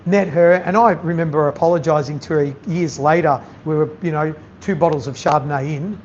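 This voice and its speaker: Speaking fairly quickly with hardly any pauses, this man has a fairly high, slightly mellow voice. He's a chef running a masterclass, addressing the audience at an event venue bluntly, animatedly and with plenty of swearing. The recording is a bit dull, with faint background noise.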